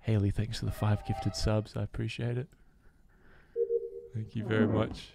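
A 23-year-old man streaming a game, chatting excitedly, swearing often and loudly protesting his innocence. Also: on the low side, normal speed, vocal fry, heavy background noise. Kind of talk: casual gaming chat.

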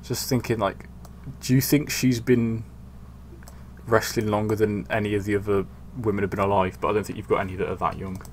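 A man's voice: on the low side, flat delivery, brisk, slight background noise. Wry young man commenting on a game. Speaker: channel host.

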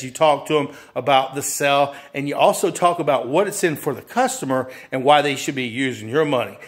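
A man teaching furniture sales in a conversational way, repeating phrases and acting out the exchanges between salesperson and customer. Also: a little high. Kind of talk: instructional talk with acted sales dialogue.

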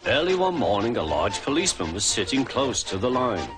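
A man reads a children's storybook aloud in a clear, measured voice with lively intonation. Music plays throughout behind him. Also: medium pitch. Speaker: narrator. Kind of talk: storybook narration.

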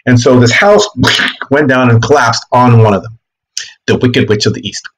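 A man teaching history in a casual, animated classroom lecture, explaining with quick asides and voiced bits. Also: mid-range voice, low-quality recording.

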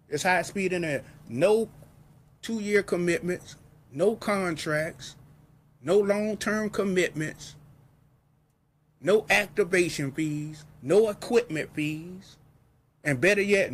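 Hyped high-pitched salesman. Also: slow pace, long pauses. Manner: hyped, repetitive, pushy salesman. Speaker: host pitching a TV service.

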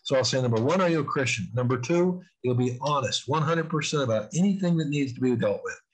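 An older man telling stories earnestly as a guest in an interview, with emphatic, drawn-out stresses on key points. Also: mid-range voice, expressive, slightly rough, low-quality recording. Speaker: guest on spiritual warfare. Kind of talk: storytelling in casual interview.

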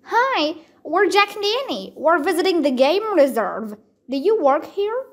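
A woman's voice: extremely high pitch, a little slow, pitched above the performer's own voice, exaggerated voice. Woman doing an eager, chatty little girl. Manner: bright, chatty, excited. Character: cheerful eager young girl.

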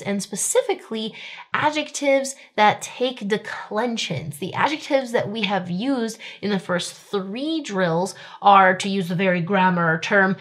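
In relaxed speech, a female teacher with a mid-range, fairly bright voice goes through a German grammar point step by step. Her sample sentences in German come out slowly, and she keeps adding "right?"

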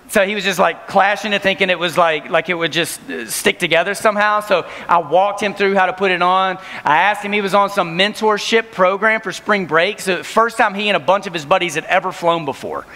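A man in his thirties giving an energetic youth camp sermon, telling stories and acting out voices. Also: high voice. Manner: storytelling, acts out voices, laughing. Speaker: camp speaker. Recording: reverberant hall.

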